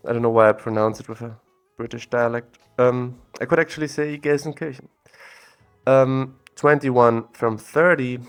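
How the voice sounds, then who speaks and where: A man giving casual, think-aloud commentary while exploring places on a map, recorded on a separate audio recorder. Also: medium pitch. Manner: thinking aloud, relaxed and chatty.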